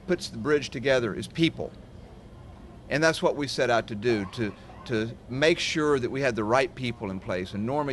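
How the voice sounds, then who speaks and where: Halting man with a mid-pitched voice. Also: a bit bright, a little hiss or hum. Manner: halting, many fillers. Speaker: county commissioner. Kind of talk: formal public speech.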